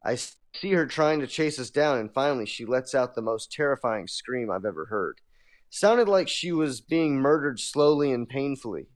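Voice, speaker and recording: A man's voice: mid-range voice, lively intonation, moderate pace. A man hosting a podcast, reading a listener's story aloud with casual asides. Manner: laughs easily, reads with asides. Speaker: podcast host.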